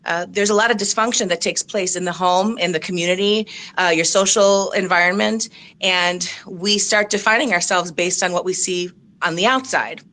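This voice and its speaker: A woman's voice: lowish voice, normal speed, bright, forceful tone. A middle-aged woman coach on a video call, slightly out of breath, speaking earnestly and reflectively with many fillers. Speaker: coach and consultant. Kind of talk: audition interview on a video call.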